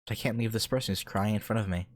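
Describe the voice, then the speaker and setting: A man reading a visual novel aloud, earnest and slow, breaking off for joking asides. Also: on the low side, no echo, clean studio sound. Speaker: let's play host. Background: loud piano music.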